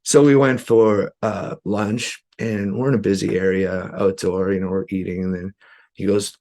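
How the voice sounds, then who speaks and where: A man's voice: low-pitched, flat delivery, moderate pace, darkish tone. A man who is a podcast guest and musician, telling earnest stories in loose conversation, filled with "you know". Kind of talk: conversational storytelling.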